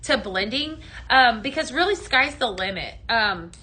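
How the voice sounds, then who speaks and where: Woman, live shopping host, casual chatty stream talk, bright voice, slightly high pitch, greets viewers by name. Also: lively intonation, unhurried. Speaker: live-selling home fragrance host.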